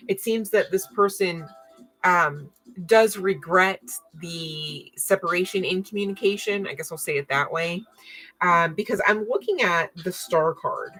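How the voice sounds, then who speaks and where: A woman giving live tarot readings to viewers, excitable and thinking aloud as she turns cards. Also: fairly low pitch, poor audio. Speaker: tarot reader.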